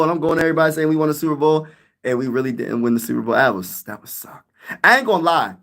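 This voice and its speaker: A man's voice: a little high, fast talker, sharp tone. A young man hosting a sports live stream, chatting casually with his viewers, rambling and hyped, using lots of slang. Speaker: sports YouTuber live-streaming, answering chat.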